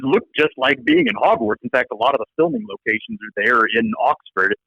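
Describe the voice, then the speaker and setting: A man's voice: mid-range voice, fairly quick, hardly any pauses, dry recording, muffled recording. A man with an American accent, a law professor being interviewed, telling stories animatedly and often restarting phrases. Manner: animated, restarts phrases, voices others in quotes. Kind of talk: conversational interview storytelling.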